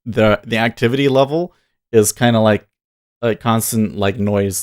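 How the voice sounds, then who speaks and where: A man hosts a live trading stream, talking casually and thinking out loud. He rambles from one point to the next and laughs often. His voice sits fairly low for a man. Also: normal speed, dry recording, studio quality. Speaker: day trading livestream host. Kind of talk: casual livestream commentary.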